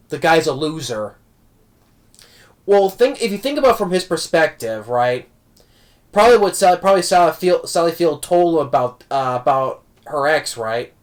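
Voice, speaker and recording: A man giving a casual spoken film review, rambling, with many restarts and tag questions. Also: fairly high pitch. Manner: warm, amused fan talk. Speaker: movie reviewer.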